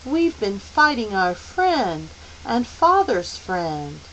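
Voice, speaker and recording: A woman voicing a small boy who is possessed and speaks in a calm, bland, reasonable way. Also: medium pitch, slow pace, dull audio, a little hiss or hum, heavily acted. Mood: coldly calm.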